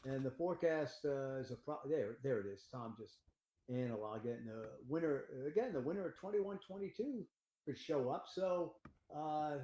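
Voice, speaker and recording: An older man talking about the weather forecast in a rambling, excitable way, with filler words and laughter. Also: a little high, moderate pace, reverberant, low-quality recording. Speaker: meteorologist guest. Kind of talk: casual forecast discussion.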